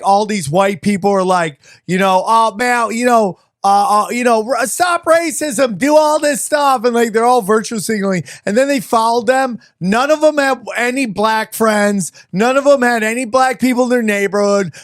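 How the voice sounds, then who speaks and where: A man's voice: sits high, no echo, clean studio sound. A man hosting a podcast, chatting casually and rambling with restarts. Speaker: podcast host.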